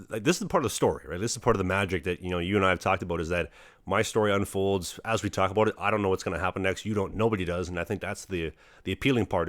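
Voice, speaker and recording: A young man talking quickly and earnestly on his own podcast, full of fillers and motivational asides. His voice sits low and the close microphone leaves it dry, with no room sound at all. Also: fairly bright tone, dry recording. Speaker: podcast host, hockey goalie. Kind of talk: casual podcast chat.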